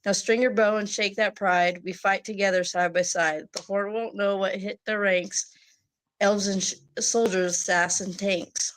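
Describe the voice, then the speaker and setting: A woman's voice: mid-range voice, fairly even intonation, a little slow, a bit bright, poor audio. Brash joking woman at a game table. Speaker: player. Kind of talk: casual tabletop play.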